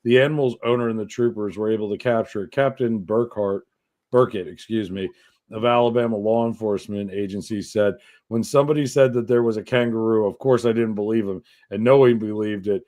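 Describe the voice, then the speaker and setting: A man co-hosting a podcast, reading odd news stories aloud in a profane, animated way. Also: lowish voice, a little fast. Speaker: podcast co-host.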